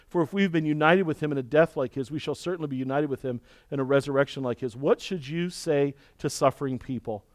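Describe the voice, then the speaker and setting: A man preaching a sermon, swinging from loud, high emphasis to quiet, confiding passages. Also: no echo, studio quality. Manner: dynamic preaching, climbing loud and high then dropping to soft, intimate confession. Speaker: pastor.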